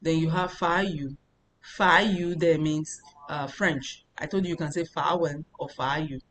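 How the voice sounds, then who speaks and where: A woman from Nigeria, teaching a language lesson as a tutor and repeating phrases slowly before explaining them step by step. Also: deep voice, fairly even intonation, a bit bright, slight background noise, rough recording.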